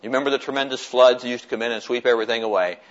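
An older man from the United States recounts a story with animated energy, often chuckling and acting out the voices of people he met. His voice sits at an ordinary pitch for a man. The recording sounds dull and lo-fi. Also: racing. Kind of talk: personal storytelling to an audience.

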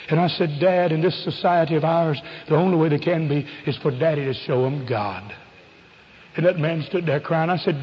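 A man preaching an evangelistic sermon, fervent and pleading, swinging from loud calls to hushed appeals. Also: fairly high pitch, moderate pace, big-room sound, lo-fi sound, a little hiss or hum.

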